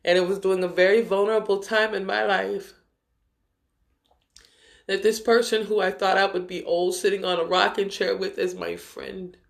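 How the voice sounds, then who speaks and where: Gentle, heartfelt woman spiritual teacher. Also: mid-range voice, little pitch movement, normal speed, vocal fry. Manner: gentle and heartfelt, addressing listeners as brothers and sisters of the light. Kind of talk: live-streamed spiritual talk.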